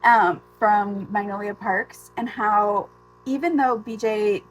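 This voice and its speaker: A young woman talking casually in a reading vlog, emotional and ranting, swinging from hushed asides to exasperated outbursts, tired from lack of sleep. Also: medium pitch, fairly even intonation, takes it slowly, faint music behind. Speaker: book vlogger.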